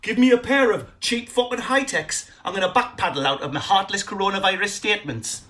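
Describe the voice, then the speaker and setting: A man's voice: high voice, fairly quick, sharp tone, voice pushed up. A man doing a comic impression of a business tycoon, ranting and swearing at the top of his voice.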